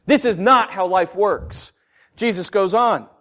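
A man preaching a sermon, asking rhetorical questions and swinging from quiet asides to loud declarations. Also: sits high, measured pace.

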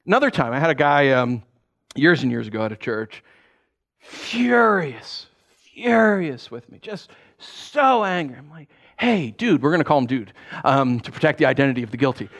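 A male pastor with a fairly high voice and some vocal fry preaches a storytelling sermon at a moderate pace. He's animated, acting out the dialogue in his stories, and keeps it conversational by asking the audience "right?" as he goes.

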